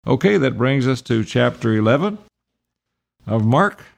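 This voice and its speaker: A man's voice: medium pitch, sing-song, measured pace, vocal fry. A man pastor reading Bible verses aloud and then explaining them in plain words for his congregation. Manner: reads scripture then paraphrases it plainly. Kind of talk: Bible study sermon.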